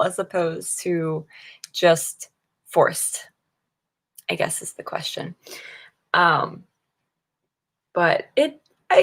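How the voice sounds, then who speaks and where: A young woman chats casually on her morning writing livestream, reading out viewer comments as she goes. She rambles and restarts her sentences, and she giggles often. She sounds tired and a little loopy from being up early. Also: on the low side.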